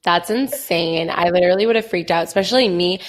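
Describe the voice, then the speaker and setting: A woman's voice: fairly low pitch, a little fast. A woman co-hosting a podcast, chatty and reactive, swearing casually. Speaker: podcast co-host. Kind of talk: casual chat.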